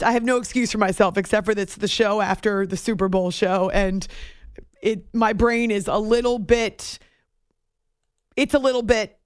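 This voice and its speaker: A woman's voice: mid-range voice, no room sound, studio quality. A woman hosting a morning radio show, chatting casually and self-deprecatingly, laughing often.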